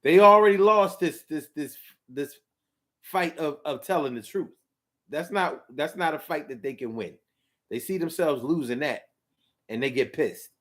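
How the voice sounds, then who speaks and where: Emphatic higher-voiced man talking to viewers. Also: unhurried, a bit bright. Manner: emphatic, repeats phrases for effect; talks straight to the audience. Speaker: vlogger. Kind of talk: casual spoken monologue.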